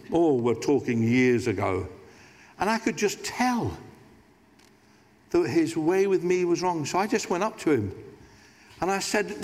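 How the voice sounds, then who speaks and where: Lively pastor preaching in a reverberant hall. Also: male voice, fairly high pitch. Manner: conversational preaching with asides and humor. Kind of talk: sermon. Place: large church.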